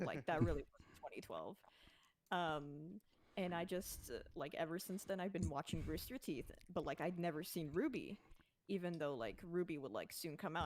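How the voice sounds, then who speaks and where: A young woman talks casually with friends on a livestream. Her voice sits a little low, and she rambles along, piling up filler words as she goes. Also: a little mellow, slight background noise. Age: young adult. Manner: chatty, lots of filler words. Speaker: livestream co-host. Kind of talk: casual chat.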